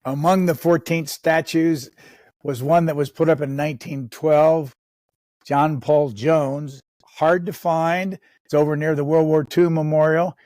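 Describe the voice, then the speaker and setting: Male podcast host, fairly high voice, dry close recording, direct conversational questions. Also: fairly even intonation, a little slow, a little mellow, dry recording. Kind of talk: interview questions.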